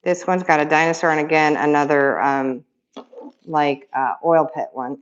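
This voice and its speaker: Excitable rambling woman, lo-fi home recording. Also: sits low, moderate pace. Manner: excitable, rambling, repeats words for emphasis. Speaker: crafter showing handmade resin keychains. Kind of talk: casual show-and-tell vlog.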